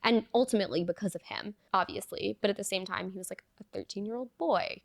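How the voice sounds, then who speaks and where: A woman's voice: mid-range voice, quick pace, gravelly, no room sound, studio quality. A young adult woman, a guest in an interview, earnestly telling a personal story and peppering it with "like". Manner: earnest, fillers of "like", reenacts dialogue.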